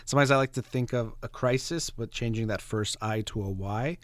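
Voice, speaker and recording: A man calmly explaining psychology on a talk show, reflective and full of everyday examples. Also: medium pitch, brisk, dry recording.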